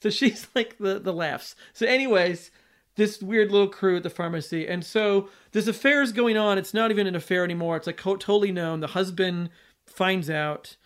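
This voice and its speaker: High-voiced man recapping a film casually. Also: normal speed, a bit bright. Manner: rambling, with many fillers and restarts. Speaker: podcast host.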